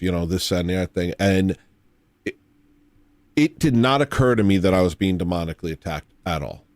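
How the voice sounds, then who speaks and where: A man telling a personal story in a rambling, halting, earnest confessional monologue, played as a clip. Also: sits low, a little mellow, dry recording. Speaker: clip of another streamer.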